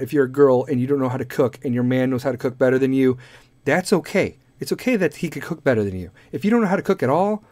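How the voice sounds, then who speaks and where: A man's voice: medium pitch, no echo. A man hosting a podcast, delivering a profane, rambling comedic rant. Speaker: podcast host.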